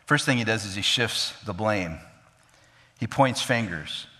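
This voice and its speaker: An earnest male pastor preaches a sermon with a bright, forceful voice. He walks through the text and acts out its scenes, and his words ring in a long hall reverb. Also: on the low side, lively intonation, unhurried.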